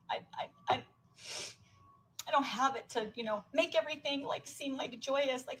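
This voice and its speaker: A woman's voice: high-pitched, animated, normal speed, slight background noise, poor audio. An American woman, a working mother, venting tearfully to camera in a raw, profane rant that drops into whispers.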